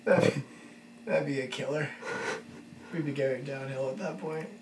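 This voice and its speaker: A man's voice: mid-range voice, little pitch movement, moderate pace. A man co-hosting a casual podcast chat, cutting in with dry jokes. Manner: wisecracking, interjecting with jokes. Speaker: podcast co-host. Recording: roomy sound from off-mic with faint room noise.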